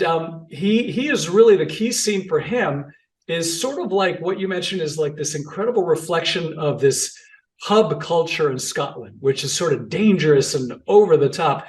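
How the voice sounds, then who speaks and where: A man's voice: fairly high pitch, recorded from a distance. A man hosting a casual film discussion, chatty and enthusiastic, with plenty of fillers. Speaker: host. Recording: echoey room, off-mic.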